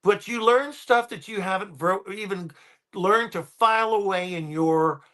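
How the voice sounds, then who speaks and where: A man's voice: sits high, a little slow, a bit bright. A man, a guest paranormal researcher, telling stories in a casual podcast chat and rambling with many ums and restarts.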